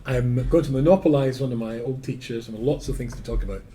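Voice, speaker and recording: A Scottish man with a mid-range voice and a quick pace, speaking as a rabbi delivering a Torah lecture before a live audience. He tells stories with self-deprecating humor, shifting between loud emphasis and quiet asides.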